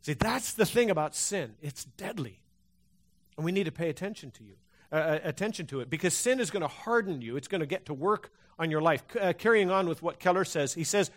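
A man's voice: fairly high pitch, animated, fairly quick. A man preaching a sermon to a congregation, talking conversationally with frequent restarts and fillers. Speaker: pastor. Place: church hall before a congregation.

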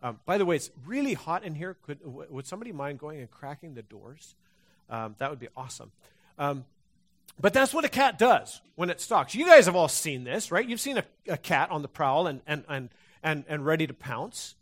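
Pastor preaching conversationally, fairly high voice. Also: male voice, big pitch swings, fairly bright tone. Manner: conversational, halting with many restarts and fillers. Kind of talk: sermon. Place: church hall before a congregation.

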